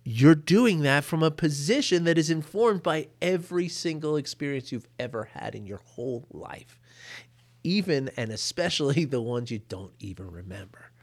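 A man's voice: fairly high pitch, expressive, normal speed. A man giving a casual mindfulness lesson, chatty and prone to laughing, often tagging his points with "you know" and "right?". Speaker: mindfulness teacher. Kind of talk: casual teaching talk. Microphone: boom mic.

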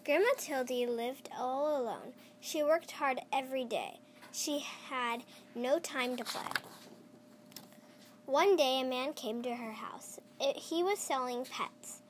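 A child reading a picture book aloud, slowly and with small stumbles and restarts. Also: high voice, a little hiss or hum. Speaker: storyteller.

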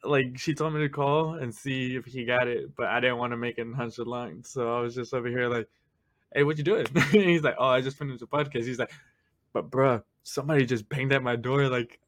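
A man's voice: mid-range voice, brisk, a bit bright. A man who is a friend of the podcast host, telling a story in casual chat, often laughing and acting out what people said. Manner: laughing storyteller, acts out quotes.

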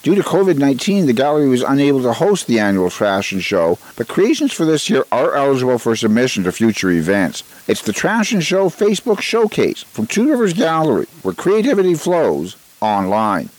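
A man behind a community radio microphone, reading local notices and then drifting into loose, rambling chat. He pauses with fillers and restarts sentences as he goes, in an ordinary mid-range voice. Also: mid-range voice, sing-song, a little mellow, poor audio. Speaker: radio host. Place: radio studio.

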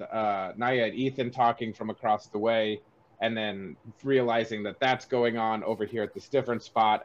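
A man's voice: mid-range voice, lo-fi sound. A man hosting a podcast, retelling movie scenes in a rambling, filler-heavy way. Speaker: podcast host. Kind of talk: casual movie review chat.

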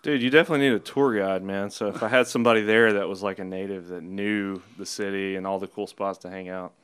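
A man's voice: deep voice, steady tone, fast talker, fairly bright tone, clear, resonant tone. A man with a Southern accent hosting a casual chat in an easygoing way. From Birmingham, Alabama. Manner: easygoing, says dude and man.

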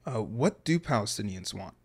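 A man hosting an interview podcast. His voice sits low, and he asks long, hesitant questions that unfold in several parts. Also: expressive, normal speed, husky. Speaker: podcast host.

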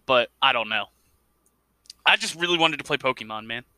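A man's voice: mid-range voice, expressive, a little fast, pushed and bright, dry recording. A man co-hosting a casual gaming podcast, rambling a bit and correcting himself as he goes. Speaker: podcast co-host.

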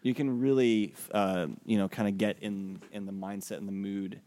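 A man's voice: on the low side, steady tone, normal speed, dark tone. A man co-hosting a podcast, talking casually and hesitantly with many fillers. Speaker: podcast co-host. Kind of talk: casual chat.

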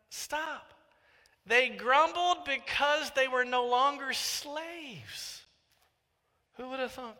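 A man delivers a sermon in a high, ringing voice. He is animated and jokes often, and he slips into little character voices for his stories. His words carry a long reverb from a large hall. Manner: animated, joking, acts out voices. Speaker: pastor.

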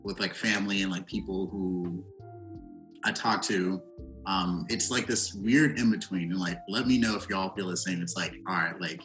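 A young man, a podcast guest, talking in a relaxed, reflective way with lots of fillers. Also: low voice, normal speed, faint music behind, poor audio. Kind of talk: casual chat.

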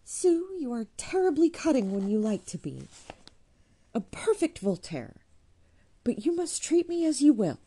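A devoted young man who pleads earnestly and takes hurt easily, as a woman reader puts him on. The voice is mellow and slightly gravelly, rising with feeling. He sounds like someone from a storybook romance. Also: high voice, very animated, a little slow, voice pushed up, heavily acted. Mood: wounded.

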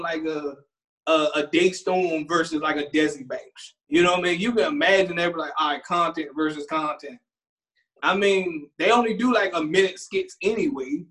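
A man, co-hosting a casual chat, animated and rambling, laughing often. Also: high voice. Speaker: co-host.

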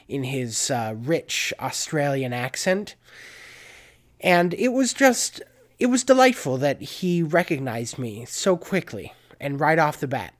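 Chatty man hosting a solo podcast. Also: fairly high pitch. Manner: rambling, self-correcting, chatty. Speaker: podcast host. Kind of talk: casual solo monologue.

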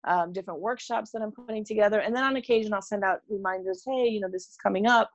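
A woman's voice: mid-range voice, quick pace, highs cut off. A middle-aged woman, a former teacher, chatting as a podcast guest. She brings her stories to life, putting on the voices of the people in them. Her voice sounds dry and close, with no room echo. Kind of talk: conversational storytelling.

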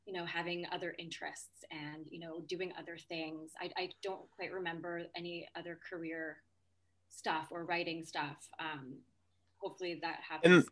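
A woman's voice: fairly low pitch, little pitch movement, normal speed. A woman in casual discussion on a podcast, talking in a chatty way with many fillers and restarts.

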